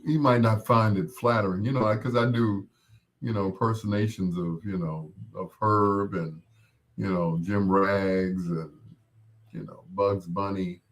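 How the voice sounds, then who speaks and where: Slow, laughing male radio host. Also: sits low, fairly even intonation. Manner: jokey, rambling, laughs often. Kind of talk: casual on-air chat.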